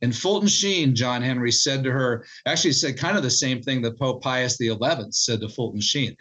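A man's voice: medium pitch, a little fast, few pauses, fairly bright tone, husky, rough recording. A man, a book co-author, telling his research story in an interview in an earnest way, often restarting and repeating words.

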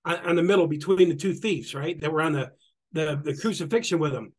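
A middle-aged man giving an animated spiritual talk, repeating phrases, acting out quotes and laughing often. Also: a little high, fairly quick, husky. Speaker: spiritual guest speaker.

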